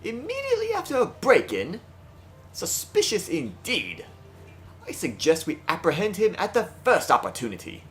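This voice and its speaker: Ein Mann spielt einen hochnäsigen Adelsvogel. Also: male voice, high voice, huge pitch swings, moderate pace, fairly bright tone, slight background noise, pitched above the performer's own voice, heavily acted. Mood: haughty. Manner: pompous, contemptuous. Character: haughty aristocratic young male bird, sneering.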